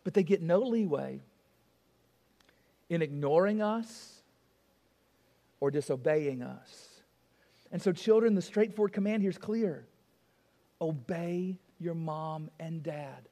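High-voiced pastor in a reverberant hall. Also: male voice, lively intonation, a little slow, gravelly, pauses often, mellow. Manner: emphatic, repeats key phrases, asks the congregation rhetorical questions. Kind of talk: sermon.

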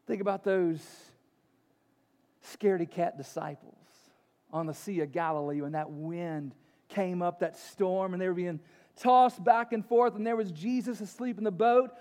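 A man preaching a sermon, swinging from loud, animated exclamations to hushed, near-whispered lines. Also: high voice, moderate pace, big-room sound. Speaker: pastor.

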